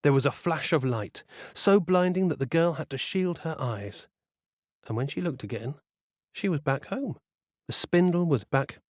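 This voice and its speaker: A man telling a fairy tale for children in an expressive, playful way. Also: on the high side, no room sound, studio quality. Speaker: storyteller. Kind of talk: storytelling for children.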